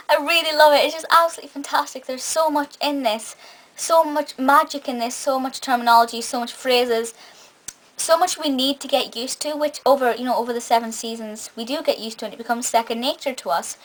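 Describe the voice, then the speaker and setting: A woman's voice: fairly high pitch, poor audio. A young woman giving an enthusiastic, chatty spoken review of a TV episode, often restarting her sentences. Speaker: film and TV reviewer.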